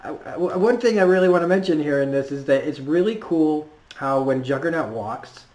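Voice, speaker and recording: A man's voice: on the high side, a little fast, a little mellow. Rambling, laughing man recapping a cartoon. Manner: rambling, laughing, filler-heavy. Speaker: cartoon reviewer. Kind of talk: casual episode recap. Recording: roomy echo.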